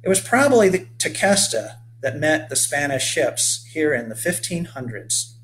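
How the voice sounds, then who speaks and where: A man's voice: fairly high pitch, very animated, normal speed, fairly bright tone. A man voicing a friendly boat captain who explains local history. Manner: explaining, storytelling.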